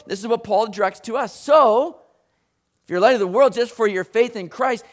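A man preaching a sermon in an animated, conversational way, sometimes acting out voices. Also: high voice, moderate pace. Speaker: pastor.

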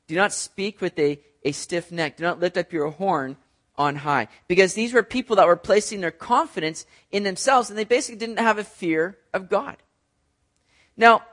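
A man's voice: high voice, a bit bright. A man preaching a sermon in a conversational way, talking directly to his listeners and acting out voices in a story. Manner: acts out voices in an illustrative story. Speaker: pastor.

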